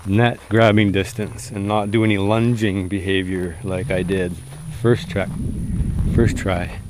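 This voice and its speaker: A man's voice: low-pitched, level tone, measured pace, background noise. A man narrating an outdoor survival vlog, chatty and speaking straight to viewers, outdoors in rural fields at dusk. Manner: chatty, addresses viewers as guys. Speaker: survival challenge vlogger.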